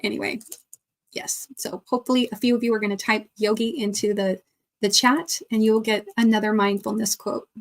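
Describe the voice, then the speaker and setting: A woman's voice: mid-range voice, little pitch movement, fairly quick. A woman hosting a casual livestream, chatting and greeting viewers by name between laughs. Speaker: crochet livestream host. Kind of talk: casual livestream chat reading viewer comments.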